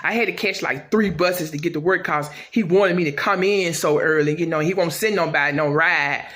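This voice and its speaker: A woman playing a sassy, chatty fish-shack head cook who tells the audience about her day and breaks into high, indignant squeals when she quotes herself. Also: normal speed, a bit bright. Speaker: character monologue. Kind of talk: comic character monologue to the audience.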